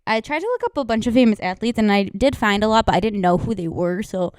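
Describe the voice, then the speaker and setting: Chatty woman, smooth dry voice. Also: mid-range voice, animated, quick pace, darkish tone, no room sound. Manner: laughs often, quotes people in playful voices. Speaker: podcast co-host. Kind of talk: casual chat.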